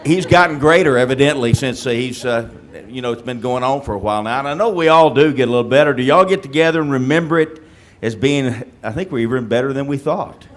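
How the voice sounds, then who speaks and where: A man's voice: medium pitch, fast talker. A man hosts a reunion panel, firing off teasing questions with an easy humor. He keeps the talk moving with friendly jabs at the guests. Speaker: host. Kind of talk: moderating a panel.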